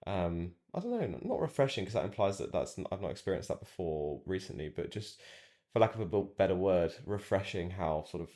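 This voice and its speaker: A man's voice: low-pitched, very animated, brisk, dark tone. A young man co-hosting a podcast, talking in a reflective, hesitant way with many fillers. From England. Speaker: podcast co-host. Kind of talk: casual chat.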